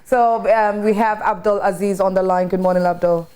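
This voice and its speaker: A woman's voice: mid-range voice, steady tone, normal speed, dark tone, clean tone. A woman hosting a live morning TV talk show, taking calls and steering the panel with frequent short affirmations.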